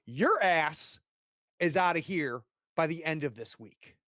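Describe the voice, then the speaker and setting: A man's voice: medium pitch, expressive, a little slow, no echo, clean studio sound. A man doing a domineering, furious rich father. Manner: cold, commanding, shouting threats. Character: domineering wealthy older father, cruel and angry.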